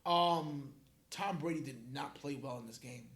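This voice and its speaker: A young man co-hosting a sports podcast, excitable and quick to laugh as he retells game moments. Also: medium pitch. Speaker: podcast co-host. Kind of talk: casual sports chat.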